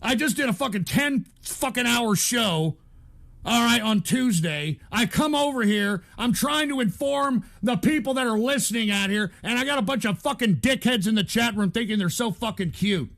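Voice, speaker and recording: A man's voice: very high voice, expressive, moderate pace, vocal fry, a bit bright. An angry man hosting a live commentary show, stammering as he rants and pours out strings of profane insults. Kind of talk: profane ranting at chat.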